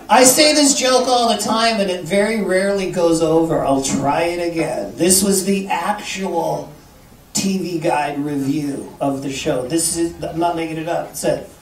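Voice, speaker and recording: A man from Canada, talking as the guest at a live interview, joking, swearing and acting out quotes in an animated way. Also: on the high side. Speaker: guest author. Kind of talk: live interview before an audience. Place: live event in a bar venue. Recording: echoey room, far from the mic, audience noise.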